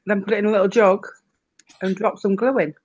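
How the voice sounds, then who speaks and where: A woman's voice: medium pitch, steady tone, a little fast, darkish tone, breathy edge, muffled recording. A woman joining a casual live-stream chat with short remarks.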